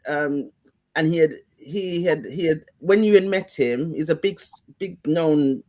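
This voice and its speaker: A man's voice: a little high, measured pace, a little mellow. A man hosting an interview, asking his questions in a rambling way, searching for words and restarting often. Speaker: interview host. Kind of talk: conversational interview.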